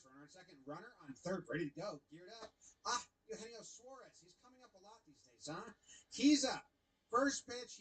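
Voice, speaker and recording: A young man casually commentating baseball highlights, animated and playfully mocking the umpire. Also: husky, poor audio.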